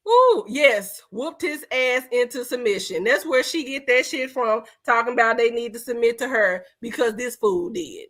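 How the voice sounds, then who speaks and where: Brash high-voiced woman podcast host. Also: expressive, normal speed, hardly any pauses, fairly bright tone. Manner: brash, profane, mocking. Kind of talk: casual podcast banter.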